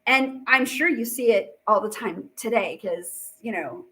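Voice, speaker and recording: A woman's voice: on the high side, a little slow, a bit bright. A woman teacher giving a casual, chatty history lecture, full of fillers and playful asides. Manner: chatty, acts out quotes with fillers.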